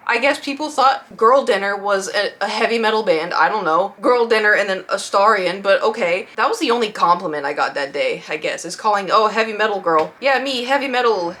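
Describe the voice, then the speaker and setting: A young woman chatting casually through a story and acting out what people said. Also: medium pitch. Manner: animated, acts out quotes in shifting voices. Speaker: vlogger.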